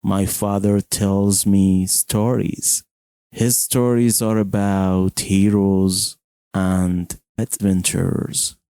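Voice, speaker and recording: Very slow American man narrating a story. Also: low voice, level tone, warm tone, no echo, studio quality. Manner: very slow, clear and simple phrasing.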